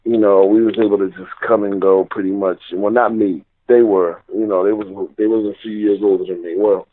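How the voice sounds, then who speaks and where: A man's voice: lowish voice, fairly even intonation, fairly quick. A man telling a personal story in a rambling, casual way, full of "you know" and "like". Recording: tinny phone line.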